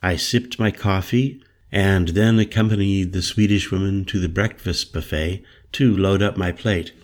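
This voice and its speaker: A man narrating a first-person story as an audiobook, in a calm, descriptive manner. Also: deep voice, measured pace, few pauses.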